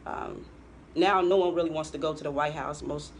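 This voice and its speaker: A woman's voice: low-pitched, steady tone, normal speed, a little hiss or hum. A woman co-hosting a political talk show, giving pointed commentary and laughing often. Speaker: co-host.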